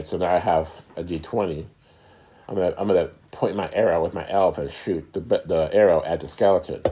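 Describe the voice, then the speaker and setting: Hosting a casual talk, the middle-aged man takes his time explaining, often searching for words and circling back on himself. He has a low voice with a dark tone.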